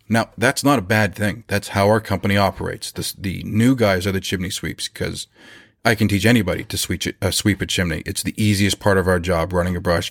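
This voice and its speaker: A man who owns a chimney service business, relaxed and anecdotal, telling a story from his work. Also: deep voice, dry recording, studio quality. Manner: relaxed, anecdotal, acts out quoted lines. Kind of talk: conversational storytelling about running a business.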